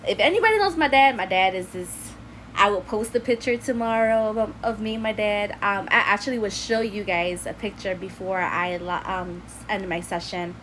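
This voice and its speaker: Young new woman telling a story from her bedroom, lively, laughs a lot, acts out everyone's lines, faint hiss behind. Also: medium pitch, moderate pace, poor audio. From New York City. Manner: animated, laughs often, acts out quotes. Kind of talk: casual storytelling to viewers.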